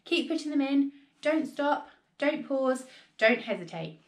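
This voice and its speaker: A woman reading a storybook aloud, voicing an excitable, impatient middle-aged farmer father who keeps urging everyone on with exclamations. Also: high voice, unhurried, voice pushed up. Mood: excited.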